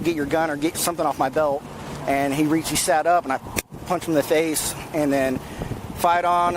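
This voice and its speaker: A male police officer with a slightly raised pitch barks curt, commanding orders during an arrest. His body camera picks him up outdoors with clear street noise behind. He speaks in short, firm bursts. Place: outdoors at a traffic stop. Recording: bodycam audio with street noise.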